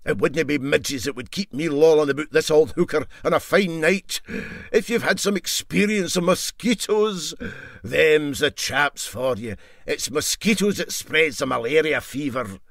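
A man's voice: on the high side, a little slow, gravelly, fairly bright tone, no echo, studio quality. A man voicing a boastful Scottish ship engineer in broad dialect. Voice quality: swaggering, broad Scots.

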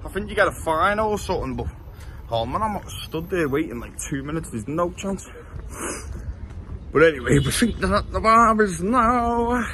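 A young man chats to his camera as he walks city streets, blunt, jokey and quick to swear. His voice sits high for a man, and traffic and street noise carry clearly behind him. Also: lively intonation, sharp tone. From England. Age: 20s. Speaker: travel vlogger. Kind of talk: casual walking vlog.

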